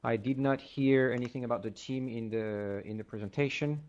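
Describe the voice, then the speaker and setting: A man judging a pitch over a video call, frank in his feedback and full of fillers. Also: fairly even intonation, moderate pace, a little mellow. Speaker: pitch contest judge. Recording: dull lo-fi video call audio.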